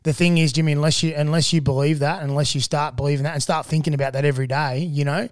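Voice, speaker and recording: Aussie male host, slightly high voice, friendly mate-and-bro chatter, dry close sound. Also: steady tone, fast talker, no echo. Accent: Australian. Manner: encouraging, chatty, calls guest mate and bro. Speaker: podcast host. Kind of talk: casual podcast interview.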